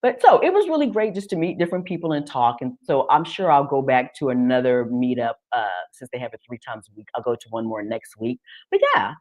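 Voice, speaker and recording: A woman's voice: a bass voice, moderate pace. Chatty American woman from Texas. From Texas, United States. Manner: animated and chatty, with frequent restarts and fillers. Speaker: host. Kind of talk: casual live-stream chat.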